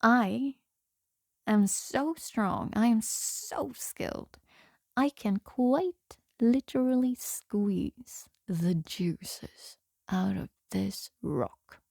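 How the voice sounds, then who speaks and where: Woman as a bragging young trickster, slightly high, dry sound. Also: animated, normal speed, vocal fry, dry recording. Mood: boastful. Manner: bragging, coaxing. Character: cunning young male trickster hero, boastful.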